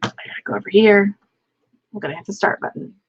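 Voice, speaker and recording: Here the same solo writing-stream host sounds medium-pitched and slightly rough, talking fast. She chats casually with viewers, rambling and self-mocking, and the lo-fi stream audio is a bit dull.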